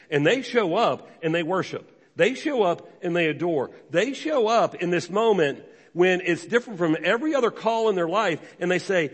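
A pastor giving a sermon, emphatic and conversational, asking the congregation rhetorical questions. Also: male voice, high-pitched, expressive, moderate pace, big-room sound.

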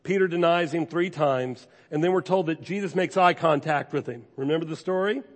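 Male pastor, earnest conversational sermon delivery, voice a touch high, recorded with long reverb in a large hall. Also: brisk. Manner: earnest, conversational exhortation with repeated phrases.

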